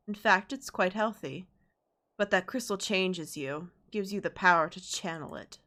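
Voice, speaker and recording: A woman with a sore throat reading aloud the lines of a calm, confident male dark knight mentor from a game, in a measured, wry way. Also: lowish voice.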